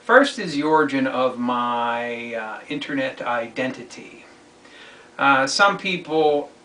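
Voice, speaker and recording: A man hosting his own online commentary show, talking alone in a halting, deliberate way. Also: medium pitch, bright, forceful tone. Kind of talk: solo spoken monologue. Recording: echoey room, distant mic, faint noise.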